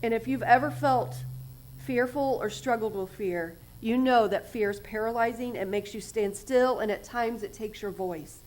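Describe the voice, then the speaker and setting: A woman's voice: fairly high pitch, moderate pace, a little hiss or hum, poor audio. Earnest woman preaching, dropping to whispers. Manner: earnest, drops to soft whispers for emphasis. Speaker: guest speaker, recovery house director. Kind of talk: sermon. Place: church.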